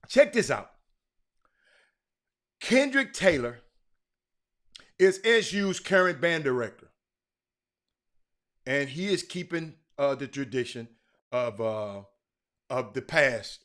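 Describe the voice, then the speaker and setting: A man hosting a casual livestream talk show, rambling and excitable, with lots of fillers and restarts. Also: a little high. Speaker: livestream host.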